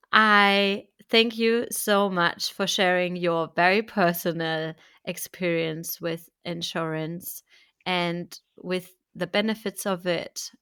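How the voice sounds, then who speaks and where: A woman's voice: fairly low pitch, a bit bright, clear, resonant tone, no echo, studio quality. A woman with a German accent hosting a podcast interview in a chatty, friendly way. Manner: chatty, thanking, laughs easily. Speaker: podcast host. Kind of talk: casual interview chat.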